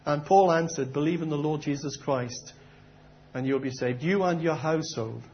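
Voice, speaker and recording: A man's voice: fairly high pitch, moderate pace, a little hiss or hum. Man preaching a questioning sermon, lo-fi. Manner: earnest, questioning, conversational preaching. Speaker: pastor.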